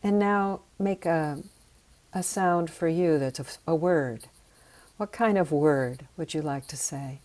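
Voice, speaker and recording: A woman teaching sound healing, leading slow, soothing breathing and voice exercises. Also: low voice, a little mellow.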